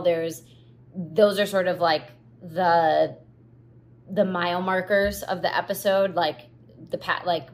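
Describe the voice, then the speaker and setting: Chatty woman podcaster, lowish voice. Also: a little hiss or hum. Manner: chatty, filler-heavy, gets teary and laughs at herself. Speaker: podcast host. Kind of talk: casual solo podcast talk.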